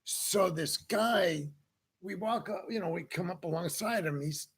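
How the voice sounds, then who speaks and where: Slight background noise underlies a high, somewhat bright male voice speaking a little slowly. He's a podcast host in a casual storytelling chat, working through a long anecdote while performing the people involved.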